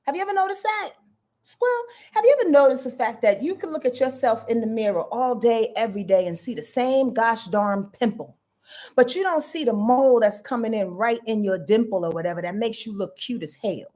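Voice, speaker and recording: A woman hosts a casual astrology live stream in a lively, chatty way, talking directly to her viewers. Her voice sits a little high and leaps up and down. She is goofy and laughs easily at her own stumbles. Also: a little fast. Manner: animated, chatty, addresses viewers as y'all.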